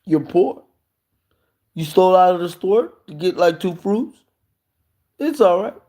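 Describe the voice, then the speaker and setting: A man with a notably high voice delivers an impassioned sermon-style monologue. He is emphatic and keeps throwing rhetorical questions at his listeners. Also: expressive, normal speed, dark tone. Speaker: live streamer preaching.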